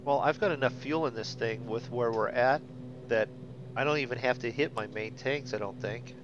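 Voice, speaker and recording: A man chatting casually while flying on a flight sim stream, easygoing and quick to laugh, sometimes stumbling over words. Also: mid-range voice. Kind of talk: casual chat. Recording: dull lo-fi mic with steady noise.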